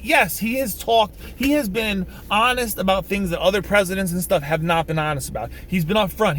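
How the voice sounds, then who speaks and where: This vlogger, a man filming in a vehicle, rambles through a casual political rant to camera with lots of restarts, swearing, and emphatic outbursts. His voice is high-pitched and slightly bright.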